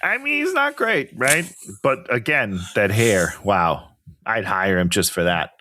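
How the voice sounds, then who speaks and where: A man's voice: lowish voice, big pitch swings, measured pace, bright, forceful tone, slight background noise. A man co-hosting a casual movie review chat, joking and laughing often as he riffs on scenes. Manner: joking, laughs often, exaggerated mock voices. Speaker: podcast co-host.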